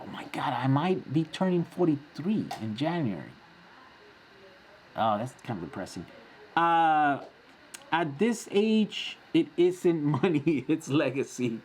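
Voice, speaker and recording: A man's voice: a little high, husky. A man in his forties hosting a casual live-stream Q&A, chatty and rambling, often laughing as he answers. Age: 40s.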